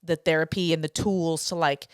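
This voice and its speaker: A woman's voice: sits low, steady tone, moderate pace, clean tone, dry recording, studio quality. A tired young woman co-hosting a podcast, talking candidly in a rambling casual chat. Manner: candid, hedging, rambling with restarts. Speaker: podcast co-host.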